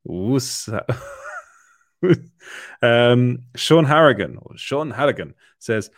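A man's voice: mid-range voice, animated, slow, dry recording, studio quality. A young man hosting a livestream, reading viewer comments in a chatty way with frequent laughs and fillers. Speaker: livestream host. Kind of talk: casual live chat, reading viewer comments.

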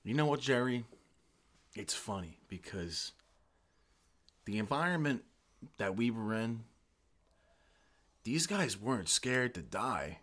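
A man, an army veteran, telling profane, animated stories in a casual chat. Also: mid-range voice, takes it slowly, long pauses.

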